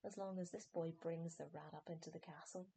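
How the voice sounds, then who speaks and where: A woman's voice: low-pitched, steady tone, a little fast, warm tone, slight background noise. A woman voicing a bitter escaped male prisoner who snarls and pleads desperately in an audiobook reading.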